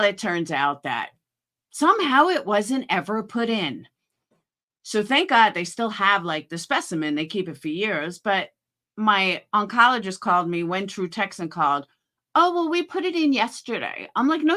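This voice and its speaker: A woman's voice: on the low side, pushed and bright. A middle-aged woman hosting a livestream at home, talking in a frank, chatty way and swearing freely. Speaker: livestream host. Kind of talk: casual livestream chat.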